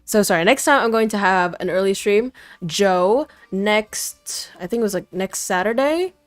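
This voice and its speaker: A woman's voice: medium pitch, expressive, moderate pace, dry recording, soft background music. A young woman streaming a game live, chatting casually with her chat and reading story text aloud in a playful, talkative way. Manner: chatty, switches languages, greets chat playfully. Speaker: vtuber streamer.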